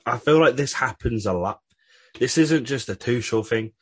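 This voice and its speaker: A man's voice: mid-range voice, lively intonation, normal speed, husky, no echo. A man who is a guest on a casual fan podcast, talking loosely and conversationally with plenty of "like".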